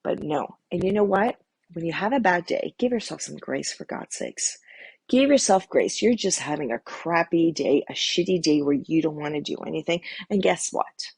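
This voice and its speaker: A middle-aged woman with a low, gravelly and husky voice, speaking straight to the listener like a coach. She is blunt and emphatic and drops casual curse words. The sound is dry and close, with no room around it. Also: lively intonation, moderate pace, darkish tone, dry recording. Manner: blunt and candid, casual swearing; emphatic, direct address to viewer. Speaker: holistic lifestyle coach. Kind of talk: motivational talk to camera.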